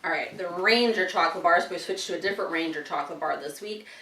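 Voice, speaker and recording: Woman host, chatty tasting vlog, lowish voice, roomy sound from a bit off-mic. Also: fast, sharp tone, a little hiss or hum. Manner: chatty, talks while chewing, frequent laughs. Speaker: wine and chocolate tasting host. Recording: roomy sound from some distance.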